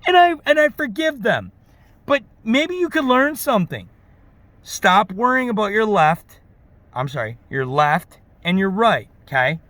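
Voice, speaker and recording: A man rants to camera in a lively, animated voice that sits high for a man, swinging up and down as he preaches. He keeps checking in with "okay?" and "right?" The recording is dry, with no room echo. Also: unhurried. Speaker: auto service technician vlogger. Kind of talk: ranting monologue to camera.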